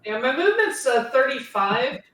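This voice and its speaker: A woman's voice: sits high, sing-song, normal speed, fairly bright tone, very echoey, distant mic. A woman player in a tabletop game, chatting casually and hesitating while she looks things up.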